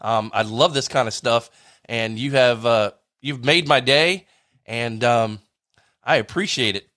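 A man's voice: medium pitch, a little slow, bright, forceful tone, dry recording, studio quality. A man hosting a radio interview show, reacting briefly and reading out his social media handles.

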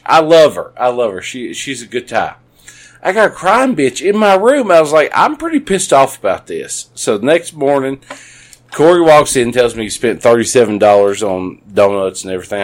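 A man telling rambling, profane stories in a casual podcast chat. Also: medium pitch. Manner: rambling, profane, animated storyteller.

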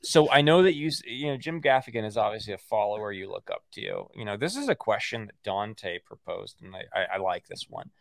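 A man's voice: on the low side, brisk, vocal fry, few pauses, no echo. A male co-host of an interview show in a casual chat, joking and asking the questions. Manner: relaxed, joking, asks the questions.

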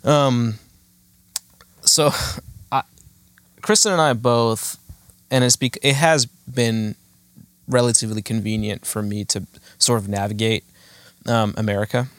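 A man's voice: mid-range voice, fairly even intonation, a little slow, long pauses, dry recording. A man in his thirties hosting a podcast, chatting casually in a rambling, self-mocking way full of fillers. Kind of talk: casual chat.

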